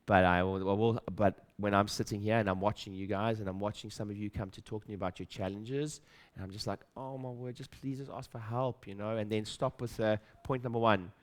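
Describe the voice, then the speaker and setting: A man's voice: lowish voice, steady tone, brisk. A middle-aged man speaking on stage at a seminar, emphatic and repetitive, acting out his own doubting inner voice and putting questions to the audience. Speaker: speaker at a practice-building seminar. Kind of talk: motivational stage talk.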